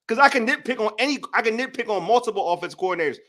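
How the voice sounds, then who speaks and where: A man's voice: high-pitched, animated, rapid-fire, pushed and bright. A man hosting a casual sports debate show, heated and slangy as he vents his frustrations.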